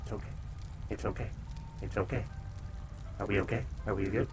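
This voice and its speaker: A relaxed man with a fairly low voice chats casually to his stream viewers at home, sometimes telling his dogs to calm down. The recording is noisy, with dogs and household sounds behind him. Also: a little fast. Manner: laid-back, talks to chat and scolds his dogs. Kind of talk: casual live-stream chat.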